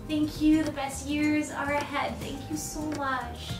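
A woman of thirty in a casual birthday vlog, gushing and gasping with excitement as she unpacks and tries on outfits. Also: sits high, measured pace. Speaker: vlogger. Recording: echoey room, mic at a distance, loud music. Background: music.

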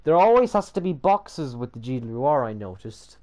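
A man's voice: medium pitch, big pitch swings, fairly quick, a little mellow. A young man giving casual gameplay commentary while building, sweary and sarcastic, often muttering to himself. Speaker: gamer building in a block game.

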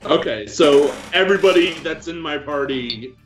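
A man's voice: on the high side, expressive, normal speed, music in the background. A man playing a character in a tabletop game, talking casually with laughs and restarts. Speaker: player. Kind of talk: tabletop role-play. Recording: dull lo-fi stream mic.

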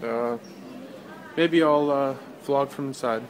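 A man's voice: medium pitch, slow. A man casually vlogging his day on the city streets, chatty and hesitant with many ums. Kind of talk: casual daily vlog. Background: traffic and street noise.

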